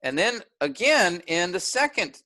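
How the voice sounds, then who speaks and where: A man's voice: high-pitched, big pitch swings, a little slow, bright, forceful tone, poor audio. A man teaching a workshop, explaining step by step and often checking in with "all right?".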